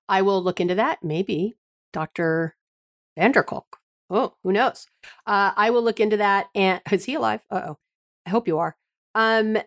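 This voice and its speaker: A middle-aged woman hosting a relationship therapy podcast, talking in an earnest, affectionate, rambling way with many restarts. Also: mid-range voice. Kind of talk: heartfelt podcast monologue.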